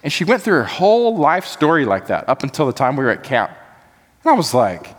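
A man's voice: medium pitch, very animated, fairly quick. Earnest male pastor preaching in a reverberant hall. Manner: earnest, building to impassioned emphasis. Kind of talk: sermon.

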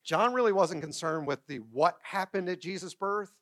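Middle-aged male pastor, somewhat high voice, animated storytelling sermon delivered from the stage. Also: normal speed. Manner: storytelling, animated, acts out quotes and asks the congregation questions. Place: church stage.

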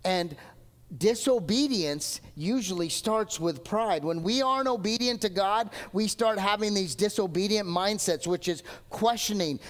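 A man's voice: sits high, unhurried. A man preaching a sermon in a church, telling stories and acting out quoted voices. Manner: animated storytelling, acts out quoted voices. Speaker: pastor. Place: church sanctuary. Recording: long hall reverb.

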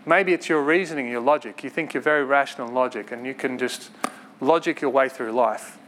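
A man's voice: medium pitch, a bit bright, a little hiss or hum. Earnest man preaching conversationally. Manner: conversational, earnest, quick asides with laughs. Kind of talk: sermon.

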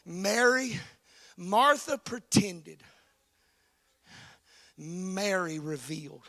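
A man preaching a sermon, swinging from hushed, whispered lines to loud, sing-song shouting, calling out to members of the congregation. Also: high-pitched, lively intonation, extremely slow. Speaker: pastor.

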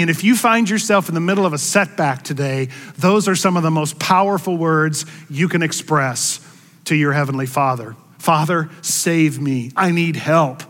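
A man preaches from the stage of a large church, his voice ringing out with a long hall reverb. He speaks a little higher than most men. When he quotes the people in his story he gets louder and higher. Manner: expressive, rises in pitch and volume for quoted words. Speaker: pastor. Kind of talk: sermon.

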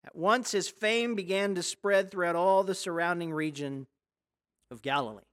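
A pastor preaching a sermon in a conversational, storytelling way, full of rhetorical questions and sudden drops and rises in loudness. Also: medium pitch, normal speed. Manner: big swings between hushed and loud.

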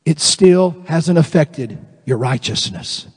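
A man with a Southern US accent preaches in a husky, fairly high voice. He acts out the voices of doubters and slows right down for emphatic lines. His voice rings with the long reverb of a large church sanctuary. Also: animated. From American South. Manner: preaching with acted-out voices, dramatic drops and slow emphatic lines. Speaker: pastor. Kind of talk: sermon.

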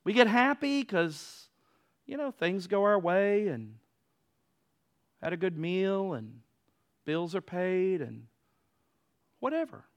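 A man preaching a sermon, moving between loud emphatic passages and quiet, low stretches. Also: expressive, takes it slowly, pauses often. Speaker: pastor.

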